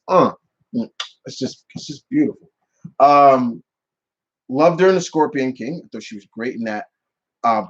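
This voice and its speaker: A man's voice: mid-range voice, highs cut off. A man casually answering viewer questions on his channel, rambling with many restarts and fillers. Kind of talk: casual live Q&A chat.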